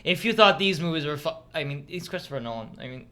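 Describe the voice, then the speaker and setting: A man's voice: fairly high pitch, animated, fast, bright, forceful tone. A young man co-hosting a casual podcast chat, eagerly jumping in with film trivia and laughing easily. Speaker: podcast co-host.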